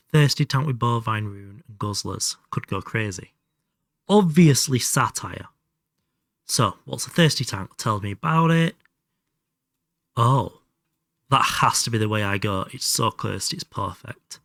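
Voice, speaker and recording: A man's voice: medium pitch, vocal fry, fairly bright tone, no room sound, studio quality. A man chatting casually through a live gameplay stream, self-mocking and swearing now and then. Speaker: livestreamer.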